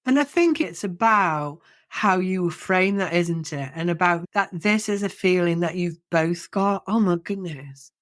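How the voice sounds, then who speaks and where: A middle-aged woman speaks in a fairly low register, sounding dry and close to the mic. She talks casually on a podcast. She tells stories animatedly and often restarts her sentences. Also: measured pace, few pauses, no echo. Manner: animated storytelling, many restarts and self-corrections. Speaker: podcast co-host.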